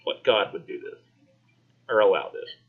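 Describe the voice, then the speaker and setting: A man teaching a college English class, talking casually and acting out characters in quick voices. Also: fairly low pitch, sing-song, creaky, husky, phone-quality sound. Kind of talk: classroom discussion lecture.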